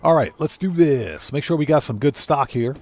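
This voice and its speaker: A man's voice: on the high side, lively intonation, normal speed, a little mellow, soft background music. A man streaming a video game live, chatting casually with viewers in a rambling, easygoing way, often correcting himself. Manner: rambling, easygoing, many fillers and self-corrections. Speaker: GTA streamer and content creator. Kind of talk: live gameplay commentary, reading chat.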